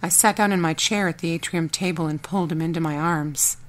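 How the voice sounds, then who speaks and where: Woman narrating an audiobook, low-pitched. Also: fairly even intonation, a little fast. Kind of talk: first-person audiobook narration.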